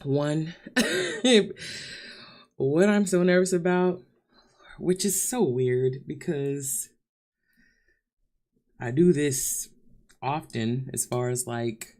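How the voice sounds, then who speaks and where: A woman's voice: sits low, extremely slow, pauses often, darkish tone. A young woman talking to camera in a vlog, crying and nervous, laughing through her tears. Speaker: vlogger. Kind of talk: emotional vlog confession.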